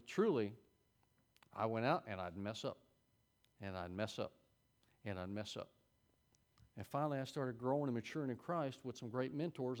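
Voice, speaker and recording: A middle-aged man delivers a sermon to his Sunday school class in a folksy, conversational way. His voice sits in a middle pitch, and it swings from quiet asides to sudden loud peaks.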